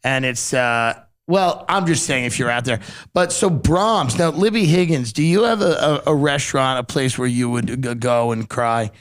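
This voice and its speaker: A man's voice: mid-range voice, normal speed, few pauses. A man hosting a podcast, telling rambling, profane comic stories in a casual chat. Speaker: podcast host.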